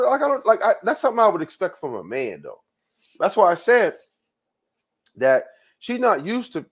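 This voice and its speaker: A man hosting his own show, ranting in loose commentary with frequent profanity, repeated words and laughs. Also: high voice. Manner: rambling, profane, repeats himself, laughs often. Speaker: show host.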